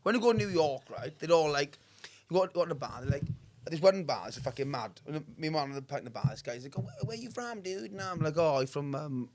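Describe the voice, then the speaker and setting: A man's voice: on the high side, lively intonation, quick pace. A Welsh man hosting a casual pub podcast, swearing freely and acting out the people in his stories. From Wales. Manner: swearing storyteller, acts out voices loudly. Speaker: podcast host.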